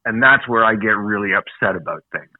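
A man's voice: on the low side, animated, fairly quick, dry recording. A man from Canada co-hosting a casual talk show, ranting bluntly and swearing freely. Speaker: podcast co-host. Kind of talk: casual chat. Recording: tinny phone-like line.

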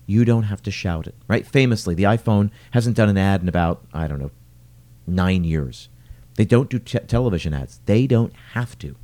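A middle-aged man with a warm, mellow tone gives an earnest solo podcast talk, circling his point with rhetorical questions. His pitch rises and dips freely as he leans on key words. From lives in New York City. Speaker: restaurateur and podcast host.

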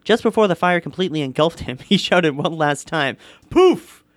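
A man with a somewhat high-pitched voice reads a listener's story aloud on a podcast. His delivery is animated and lively, and the recording is dry and close with no room sound. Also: brisk, no room sound. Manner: animated reading, often breaking into laughter. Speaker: podcast co-host.

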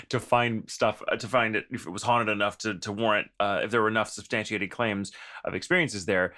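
A man's voice: lowish voice, wildly swooping pitch, moderate pace, pushed and bright. A man from Texas speaking in an affected mid-Atlantic accent, co-hosting a podcast in casual, theatrical chat and laughing often. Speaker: podcast co-host.

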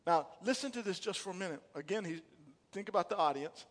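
A man preaching with a high, bright-pitched voice, calling out questions to his congregation and building to loud emphatic lines. His words ring out with a long hall reverb from the sanctuary. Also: animated, quick pace. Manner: call-and-response preaching, rising to emphatic bursts. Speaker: pastor. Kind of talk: sermon. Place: church sanctuary.

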